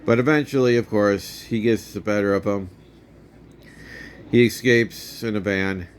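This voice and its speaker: A man's voice: lowish voice, fairly even intonation, measured pace, a little hiss or hum. A man in his fifties casually retelling and reviewing a movie for his vlog, rambling with many restarts.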